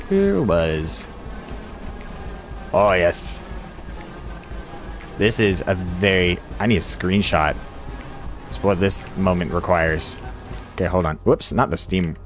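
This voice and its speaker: Male streamer, low voice with a lively swing, casual play-by-play, quiet music underneath. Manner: chatty, laughs often, talks to himself while playing. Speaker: game streamer. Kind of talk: casual live-stream commentary. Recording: faint music behind.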